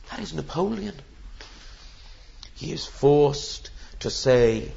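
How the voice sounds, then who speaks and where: A man's voice: fairly high pitch, lively intonation, takes it slowly, vocal fry, pauses often, a little mellow. A man preaching a sermon in an emphatic, rhetorical way, with the odd filler. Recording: dull lo-fi sermon recording.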